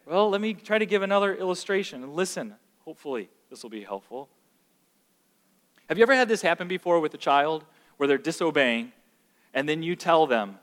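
High-voiced preacher in a reverberant hall. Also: male voice, normal speed. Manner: animated, acts out quoted voices of complaining children. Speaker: pastor. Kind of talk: sermon. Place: church sanctuary. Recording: long reverb of a large hall.

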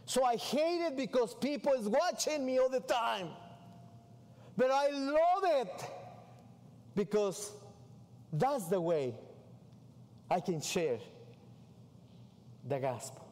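A man's voice: high-pitched, a little slow, long pauses. Man preaching in a reverberant hall. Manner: animated storytelling with non-native English. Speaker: missionary preacher. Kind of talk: sermon. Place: church sanctuary.

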